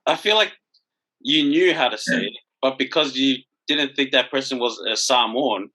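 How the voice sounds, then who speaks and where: A man's voice: mid-range voice, normal speed, bright, forceful tone, low-quality recording. A man co-hosting a podcast, making a thoughtful point in casual chat and often restarting his sentences. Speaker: podcast co-host.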